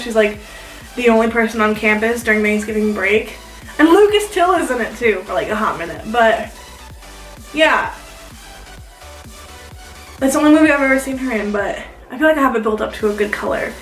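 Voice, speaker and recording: A young woman with a slightly high voice chats and rambles as she gets ready, filling her sentences with "like". She sounds a little away from the camera mic, in a room with an echo. Faint music plays underneath. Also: distant mic. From South Dakota, US. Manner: chatty, rambling, many "like" fillers. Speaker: beauty vlogger. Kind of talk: casual get-ready-with-me chat.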